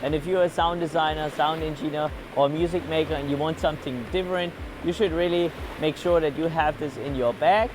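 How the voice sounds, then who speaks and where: A man's voice: fairly high pitch, fairly even intonation, a little fast, few pauses, noisy background. A man vlogging outdoors by a river, explaining each step of his recording test as he goes. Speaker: vlogger testing recording gear. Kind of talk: casual outdoor field-recording vlog. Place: outdoors by a river shore with waves.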